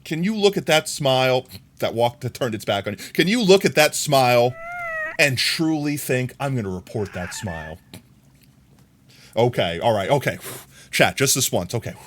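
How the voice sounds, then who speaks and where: A man streaming a game live, ranting and chatting with his viewers in a jokey, animated way. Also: mid-range voice, normal speed, noisy background. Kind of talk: live gameplay commentary.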